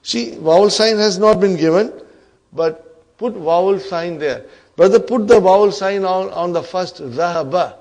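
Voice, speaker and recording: Questioning male Arabic teacher, higher voice. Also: measured pace, darkish tone. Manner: quizzes students, frequent checks like "huh?" and "okay?"; addresses class as brothers and sisters. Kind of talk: classroom grammar lesson. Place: classroom with students.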